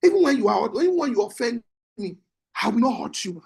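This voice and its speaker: Marriage coach guy preaching, real high voice, gravelly edge, keeps shouting for emphasis. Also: big pitch swings, fairly quick. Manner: emphatic, repetitive, bursts into shouting. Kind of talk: preaching-style marriage teaching.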